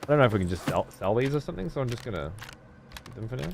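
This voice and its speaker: A man's voice: medium pitch, big pitch swings, rapid-fire, creaky, a little hiss or hum. A man giving casual gameplay commentary as a streamer, profane and sarcastic.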